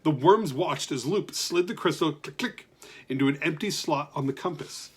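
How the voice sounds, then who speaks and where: A man reading a children's story aloud with lively, expressive narration. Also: a little high, moderate pace, slightly rough.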